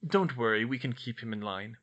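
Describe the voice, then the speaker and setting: A man's voice: mid-range voice, brisk, a bit bright, muffled recording, natural voice. A man reading out a letter in the voice of an earnest, caring schoolgirl. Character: bright, earnest schoolgirl witch.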